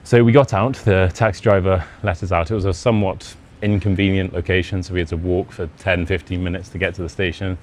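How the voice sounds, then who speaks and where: A man's voice: deep voice, fairly even intonation, brisk, hardly any pauses, darkish tone, slight background noise. A young British man with a Modern RP accent, an English teacher casually telling a self-deprecating personal anecdote. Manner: chatty, self-deprecating, acts out quoted dialogue.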